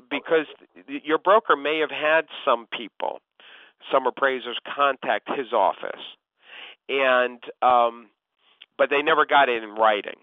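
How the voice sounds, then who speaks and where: A man coaching a real estate agent over a call, explaining techniques step by step and often addressing his listener by name. His voice sits at a middle pitch and comes through a narrow, tinny phone line that sounds close and dry. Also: no room sound. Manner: instructive, repeats the listener's name.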